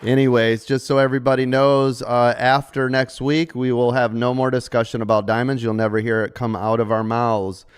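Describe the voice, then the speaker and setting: A man's voice: medium pitch, flat delivery, normal speed, few pauses, clear, resonant tone, some chatter behind. A middle-aged man hosting a live trading stream, talking casually and salesy to members, joking and tossing in "right?" often. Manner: chatty, salesy, jokey with frequent rhetorical "right?".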